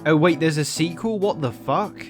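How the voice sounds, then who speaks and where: A man's voice: fairly high pitch, normal speed, soft background music. A man giving a sarcastic, exasperated, profane comedic film review.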